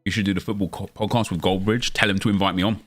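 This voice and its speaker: A man's voice: low-pitched, fairly even intonation, racing, fairly bright tone, soft background music. A young man chatting casually on a live stream, answering viewer questions as he plays a football game.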